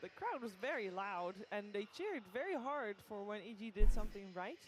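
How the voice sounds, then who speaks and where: A caster delivering live esports commentary in a measured, analytical way. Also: mid-range voice, very animated.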